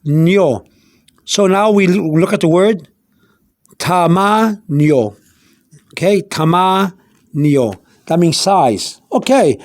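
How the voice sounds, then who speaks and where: A man teaching an informal vocabulary lesson, going slowly over each word, spelling words out letter by letter and wandering into asides. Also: high-pitched, a little mellow, no echo. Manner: meandering, with many restarts and fillers. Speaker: Spanish teacher.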